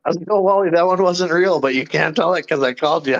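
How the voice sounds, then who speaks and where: A man's voice: fairly high pitch, fast talker, muffled recording. A man in casual chat, arguing his point, swearing freely and chewing as he talks. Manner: talks while eating, swears freely, argumentative.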